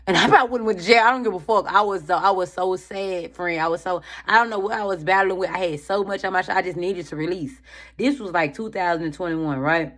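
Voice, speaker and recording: A woman giving casual motivational talk as a tarot reader, animated and slangy, swearing freely and calling her listeners friend. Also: on the low side, fast. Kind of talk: casual motivational chat to viewers.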